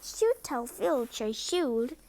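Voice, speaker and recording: A woman's voice: high voice, big pitch swings, slow, exaggerated voice. Woman doing a cackling prankster poltergeist. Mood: smug. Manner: taunting, loud, shrieking cackle. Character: cackling mischievous male poltergeist.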